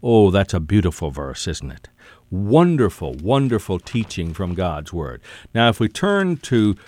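A man's voice: deep voice, very animated, darkish tone, no echo. A man preaching a sermon, emphatic and repetitive, often calling the listener "my friend". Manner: emphatic, repeats key words, drawn-out phrasing.

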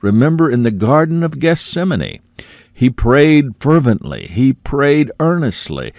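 A man preaching a sermon, earnest, repeating phrases for emphasis and dropping low and quiet on asides to the listener. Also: big pitch swings, a little slow, no echo, clean studio sound.

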